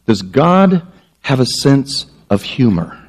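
A man's voice: medium pitch, takes it slowly. A male pastor preaching a sermon, telling stories and joking at his own expense before a congregation. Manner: animated storytelling with self-mocking jokes.

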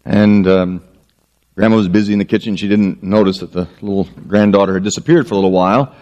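A man's voice: fairly low pitch, rapid-fire, highs cut off. A male pastor preaching a sermon, telling stories and joking at his own expense before a congregation. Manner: animated storytelling with self-mocking jokes.

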